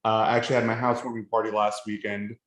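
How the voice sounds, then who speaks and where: A man's voice: on the low side, little pitch movement, rapid-fire, fairly bright tone, roomy sound. A man co-hosting a podcast, talking in a joking, rambling way and laughing often. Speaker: podcast co-host. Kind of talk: casual podcast chat.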